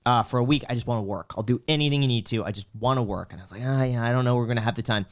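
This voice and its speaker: A man's voice: medium pitch, racing. Man telling a story on a podcast. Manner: storytelling, joking. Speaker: podcast host. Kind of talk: casual chat.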